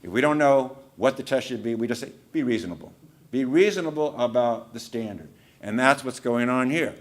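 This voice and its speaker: Law professor on a panel, male, mid-pitched voice, emphatic explanatory delivery. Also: a little fast. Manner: emphatic, explanatory, repeats key words for stress. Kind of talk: academic panel lecture.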